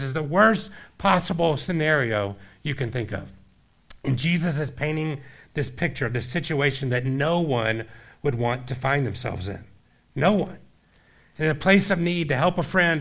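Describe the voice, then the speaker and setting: A male pastor preaching a sermon, telling a story and acting out its characters, then dropping low and quiet to press his point. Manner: storytelling, acts out voices, drops low and quiet for emphasis.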